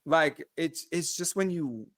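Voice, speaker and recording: A man co-hosting a podcast, chatting casually in an animated way with quick asides. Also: fairly high pitch, no echo, clean studio sound. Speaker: podcast co-host. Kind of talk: casual chat.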